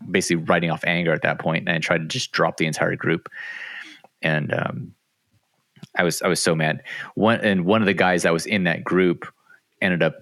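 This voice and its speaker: A man's voice: sits low, fairly bright tone, no echo. A man hosting a podcast, chatting casually in a rambling way with many restarts. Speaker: podcast host. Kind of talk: casual chat.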